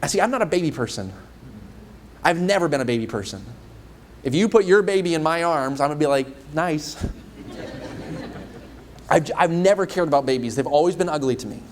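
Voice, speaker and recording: A young man preaching as an evangelist, telling a personal story in a conversational, self-deprecating way, rushing some phrases and slowing for emphasis. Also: on the high side, lively intonation, slight background noise. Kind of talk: sermon.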